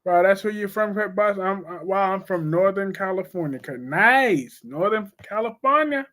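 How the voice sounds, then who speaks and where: A man with a notably high-pitched voice hosts a casual live stream about soap operas, talking from a home setup. He is blunt and chatty and keeps reading out viewer comments between his own opinions. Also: expressive, normal speed, fairly bright tone.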